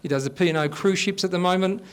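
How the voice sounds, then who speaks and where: A man's voice: sits high, quick pace, smooth. Aussie man in his fifties doing stand-up. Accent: Australian. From Australia. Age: 50s. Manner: deadpan storytelling with blokey banter. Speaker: host and stand-up comedian. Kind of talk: stand-up comedy set. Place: live comedy stage.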